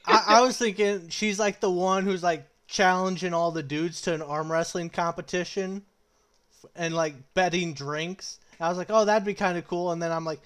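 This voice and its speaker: A man's voice: high voice, fairly even intonation, moderate pace, a bit bright, smooth. A young man co-hosting a casual chat, joking, with stammering restarts as he introduces each topic. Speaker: podcast co-host.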